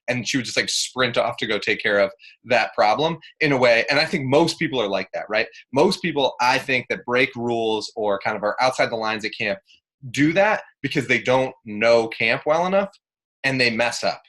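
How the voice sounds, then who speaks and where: A man's voice: medium pitch, expressive, moderate pace, sharp tone. A young man and camp director giving a casual, joking training talk full of fillers. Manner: chatty, joking, many fillers.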